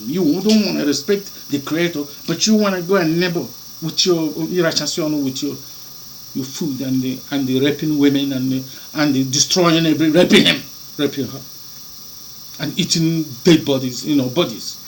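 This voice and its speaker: A man's voice: on the high side, a bit bright, a little hiss or hum, poor audio. A man preaching an impassioned sermon, firing rhetorical questions and repeating and breaking off phrases.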